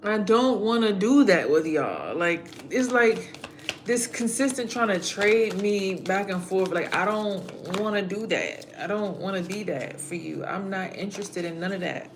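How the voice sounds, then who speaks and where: A woman giving a blunt, casual spiritual monologue, speaking in a streetwise, profane way and swinging from muttered asides to loud outbursts. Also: medium pitch, measured pace, noisy background. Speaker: spiritual content creator.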